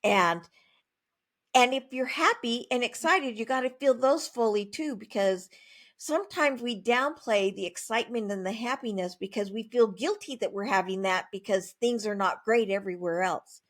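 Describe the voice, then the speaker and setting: A woman guest author talks through her ideas in a relaxed interview, her voice sitting a little high. She is emphatic and plain-spoken, and she punches her points with animated asides. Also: normal speed. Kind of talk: conversational interview.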